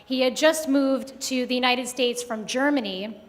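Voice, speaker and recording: A woman telling a personal story live at a story slam, conversational with many pauses and fillers. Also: high voice. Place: live event hall. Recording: long hall reverb.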